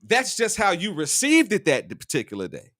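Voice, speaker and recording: Lively, bright-voiced man chatting casually. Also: high-pitched, normal speed, no room sound, clean studio sound. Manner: animated, profane, repeats himself a lot. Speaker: co-host. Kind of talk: casual podcast chat.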